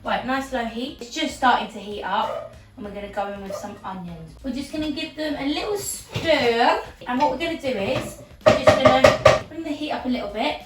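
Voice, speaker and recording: Chatty high-voiced English woman cooking. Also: animated, normal speed, roomy sound, recorded from a distance. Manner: chatty, jokey, breaks into silly singing. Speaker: home cooking video host. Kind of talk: casual cooking vlog. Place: home kitchen.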